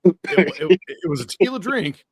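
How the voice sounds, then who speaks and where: A man's voice: high voice, expressive, moderate pace. A man co-hosting a podcast, laid-back and blunt with casual swearing. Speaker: podcast co-host. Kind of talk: casual chat.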